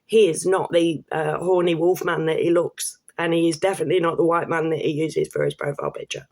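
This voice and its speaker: A woman's voice: deep voice, fairly even intonation, fairly quick, creaky, darkish tone. A British woman in her fifties, vlogging in a blunt, rambling, sweary way with frequent restarts. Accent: British English. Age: 50s. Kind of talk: casual monologue to camera.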